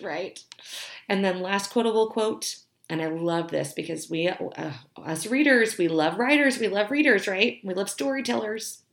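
A woman's voice: mid-range voice, moderate pace, gravelly. A chatty, bubbly woman giving a casual book review to her viewers, laughing easily. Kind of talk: casual chat to camera. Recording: roomy echo.

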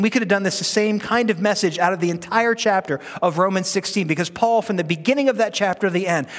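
A man's voice: high voice, a bit bright. A middle-aged man preaching a conversational sermon as pastor, joking and leading the congregation in reading aloud. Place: church sanctuary. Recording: long hall reverb.

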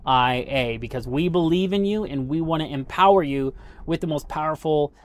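A man's voice: a little high, normal speed. A man hosting a podcast, giving casual motivational coaching with rhetorical questions. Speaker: podcast host.

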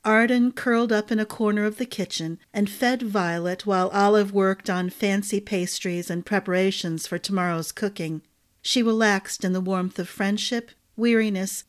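A woman narrating a fantasy novel chapter in a calm, measured storytelling voice. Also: mid-range voice.

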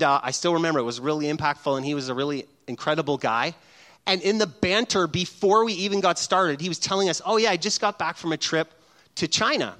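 A middle-aged man preaching a sermon as pastor, animated and humorous, often acting out little scenes. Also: fairly high pitch.

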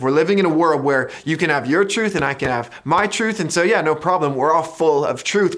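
A man preaching a sermon in a conversational way, retelling a story with drama and dropping to quiet emphasis on key lines. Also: a little high. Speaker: pastor.

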